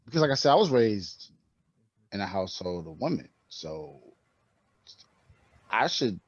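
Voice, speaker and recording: A man's voice: fairly low pitch, unhurried, slightly rough, no room sound, muffled recording. A man co-hosting a podcast, speaking in casual conversation, telling stories animatedly with lots of slang. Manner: animated storytelling with frequent slang and profanity. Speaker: podcast co-host.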